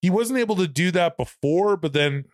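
A man's voice: sits high, animated, moderate pace, dry recording. Chatty man, dry close sound. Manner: chatty, laughs often, acts out anecdotes. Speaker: podcast co-host. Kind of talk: casual movie review chat.

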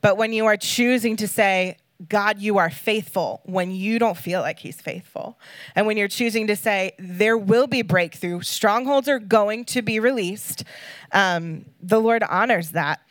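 A woman's voice: medium pitch, measured pace, no echo. Earnest woman preaching, dry close sound. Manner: earnest, emotional, conversational with fillers. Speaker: guest speaker. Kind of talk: sermon with scripture reading.

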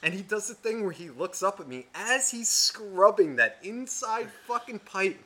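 A man co-hosting a podcast, telling a rambling story in casual chat, profane and animated. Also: high voice, moderate pace. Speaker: podcast co-host.

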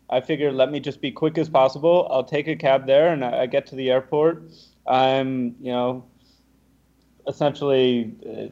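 A young man, a podcast guest, telling a lively anecdote and acting out what the other people said. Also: medium pitch, highs cut off. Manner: animated, acts out the other people's lines. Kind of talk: casual storytelling.

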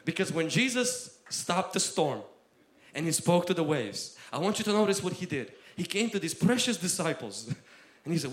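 Impassioned high-voiced male preacher, echoey room. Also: sing-song, unhurried. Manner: impassioned, swings between loud exhortation and quiet asides. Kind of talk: sermon. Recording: roomy echo.

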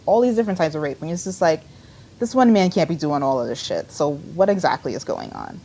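Low-voiced woman casually recapping a show. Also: sing-song, a little fast, warm tone, slight background noise. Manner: rambling, conversational storytelling with frequent fillers. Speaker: podcast co-host recapping a TV episode.

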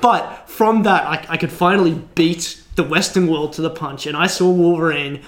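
A podcast co-host from Australia, a man with a slightly raised pitch. He rambles through long anecdotes in casual chat, restarting sentences and piling up fillers. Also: normal speed.

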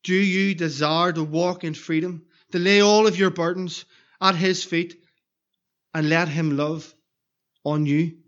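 A man's voice: a little high, steady tone, unhurried, fairly bright tone, dull audio. A man preaching an evangelistic sermon in a church, earnestly pleading with repeated questions.

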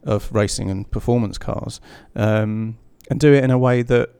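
Gravelly man chatting casually. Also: fairly low pitch, moderate pace, mellow. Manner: chatty, full of "um"s and restarts, laughs easily. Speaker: magazine editor hosting. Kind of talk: casual panel chat.

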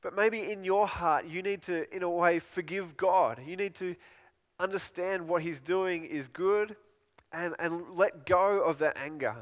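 Earnest preacher in a reverberant hall. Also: male voice, high voice. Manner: earnest, repeating phrases, pleading pauses. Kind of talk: sermon.

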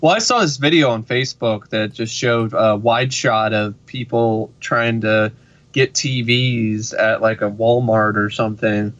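A man's voice: on the low side, a little slow, fairly bright tone. A man co-hosting a casual podcast, talking in an easygoing, rambling way and often repeating his words. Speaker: podcast co-host. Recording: dull, dry lo-fi sound.

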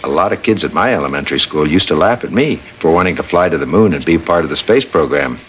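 A man's voice: low voice, expressive, fast, a bit bright, slight background noise. An older man guest-starring in a 1980s sitcom, friendly and dry with his jokes.

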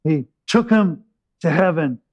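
A man preaching a sermon, retelling scripture with dramatic pauses and plain asides. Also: fairly high pitch, expressive, lo-fi sound.

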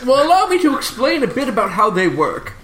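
A game master voicing an absent-minded wizard professor who rambles through explanations in a lively voice, in a roomy recording. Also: mid-range voice, a little fast, a little hiss or hum, voice pushed up. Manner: rambling, distracted scholar. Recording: roomy echo.

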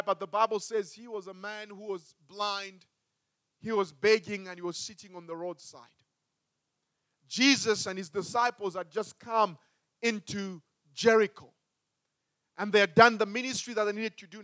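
A man preaching a sermon as a pastor, with emphatic delivery that swings between loud and hushed. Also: sits high, dry recording, clean studio sound.

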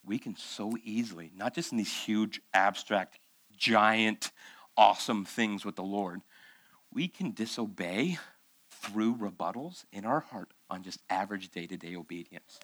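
A man's voice: on the low side, a little slow, a bit bright, no room sound. A male pastor preaching a conversational sermon, firing off rhetorical questions and acting out the voices he quotes, after months of illness. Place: church.

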